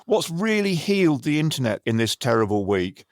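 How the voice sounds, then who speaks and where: A man's voice: fairly high pitch, very animated, normal speed, no room sound. Sardonic man from Southwest England. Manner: dry, sweary, sardonic. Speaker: podcast co-host. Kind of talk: comedy podcast chat.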